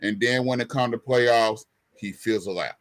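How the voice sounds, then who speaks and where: Emphatic sports-talk man, bright voice. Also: mid-range voice, normal speed. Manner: emphatic, repeats himself, colloquial. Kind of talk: heated sports debate.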